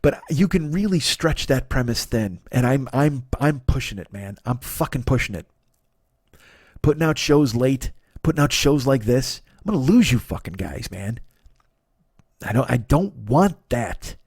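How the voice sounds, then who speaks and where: A man's voice: medium pitch, lively intonation, unhurried, darkish tone, slightly rough, dry recording, clean studio sound. A man, hosting a solo comedy podcast, rambling in a profane, self-deprecating way. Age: 40s. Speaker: podcast host.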